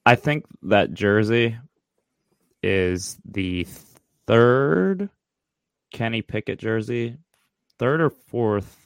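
Co-host, man, gravelly and low, close dry mic, rambles and corrects himself. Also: drawn-out words, long pauses, no room sound. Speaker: podcast co-host. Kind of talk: casual chat.

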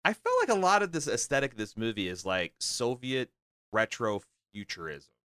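Bright-toned, eager rambling man. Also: mid-range voice, very animated, normal speed, smooth, dry recording, studio quality. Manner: enthusiastic, rambling with many fillers and restarts. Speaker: podcast co-host discussing a film. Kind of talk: casual chat.

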